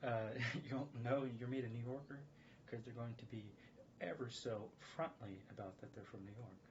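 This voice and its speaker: A man's voice: mid-range voice, normal speed, a little hiss or hum. An American man talking in a meandering casual monologue, often correcting himself and chuckling. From United States. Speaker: streamer. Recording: slightly dull lo-fi sound with faint background ambience.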